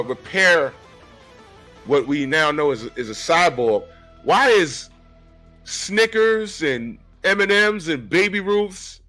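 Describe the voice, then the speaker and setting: A man in his forties walks his viewers through a comic book page by page. His voice is bright and forceful and sits a little high, and his pitch jumps around as he reacts. Faint music plays underneath. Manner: animated, talks straight to viewers with "y'all". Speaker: comic book reviewer and artist. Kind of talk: casual comic book reading commentary.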